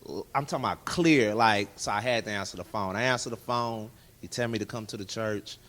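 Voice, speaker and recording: A man, a guest in a candid interview, telling his personal testimony and acting out dialogue in lively voices. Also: on the low side, brisk. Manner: animated storyteller who acts out dialogue in other voices.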